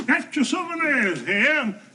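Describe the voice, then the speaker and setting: Old grandpa peddler, very high and sing-song, pushy pitch, 1970s soap. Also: male voice, sing-song, slow, sharp tone, slight background noise, heavily acted. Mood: hawking. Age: older. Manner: salesman patter. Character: chatty old grandpa hawking souvenirs.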